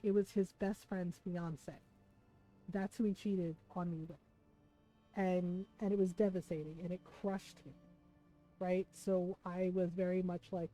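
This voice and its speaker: A woman live streamer with a low, warm voice tells her viewers a personal story in a casual, chatty way, repeatedly checking in with "right?". The audio quality is poor.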